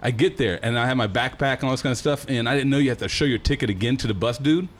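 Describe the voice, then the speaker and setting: A young man telling a wild story in casual, profane, animated talk. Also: mid-range voice, racing. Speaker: guest telling a travel story.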